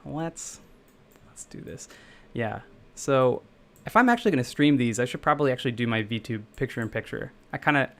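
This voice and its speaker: Gravelly, chatty young man from the Midwest. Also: medium pitch, expressive, moderate pace. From Midwestern United States. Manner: rambling, self-correcting, chatty with viewers. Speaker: game developer streaming live. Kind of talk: casual live-stream chat while coding.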